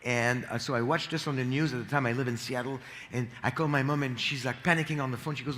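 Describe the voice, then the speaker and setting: An earnest man in his fifties from France tells a family story to a conference audience, pausing and restarting often. His voice sits in a middling register. The sound carries a long reverb from a large hall. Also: medium pitch, fairly even intonation, fairly bright tone, slight background noise. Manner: earnest, halting with frequent fillers and restarts. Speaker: conference speaker. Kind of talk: personal story in a conference talk.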